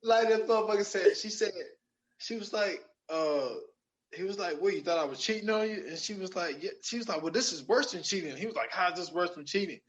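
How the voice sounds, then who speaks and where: A man's voice: sits high, a little fast. A man on a podcast, animatedly retelling movie scenes in casual chat and laughing often. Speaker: podcast co-host.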